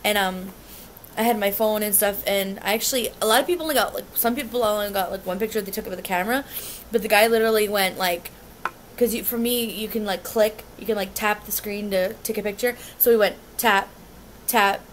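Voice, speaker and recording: A woman's voice: mid-range voice, fairly even intonation, brisk. Gushing young woman, faint hiss behind. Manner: gushing, rambling, many restarts and 'like'. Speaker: vlogger recounting a fan meet and greet. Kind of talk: excited casual storytelling.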